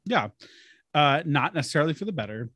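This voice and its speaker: A man's voice: on the high side, big pitch swings, brisk, a bit bright, dry recording, clean studio sound. A man co-hosting a podcast in casual chat, joking and rambling with restarts. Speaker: podcast co-host.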